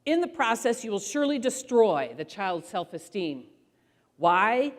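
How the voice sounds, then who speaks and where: A middle-aged woman speaker telling parenting stories to an audience, animated and acting out voices as she goes. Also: mid-range voice, a little slow. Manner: animated storyteller who acts out voices. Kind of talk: storytelling talk to an audience. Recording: long hall reverb.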